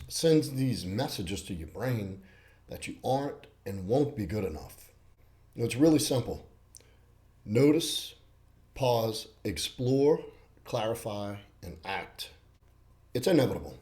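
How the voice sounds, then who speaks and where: Male host, blunt self-help coach, mellow tone, repeats himself for emphasis. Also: on the low side. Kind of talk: self-help talk to camera.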